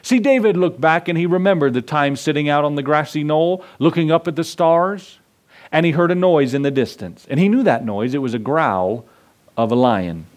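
A male pastor preaching a sermon, building emphasis through repeated lines and dropping low on key words. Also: animated, moderate pace. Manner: preacherly, rising and falling emphasis; repetitive emphatic lists.

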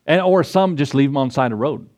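A middle-aged man preaching a sermon, swinging his pitch up and down and stretching words for emphasis. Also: quick pace, a little mellow. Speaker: pastor.

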